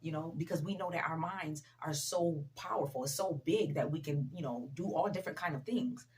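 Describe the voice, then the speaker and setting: A woman's voice: deep voice, a little fast, darkish tone. A woman giving a casual motivational talk to her viewers, speaking directly to them and repeating key sayings for emphasis. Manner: conversational, addresses viewers directly, frequent "you know". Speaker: motivational vlogger.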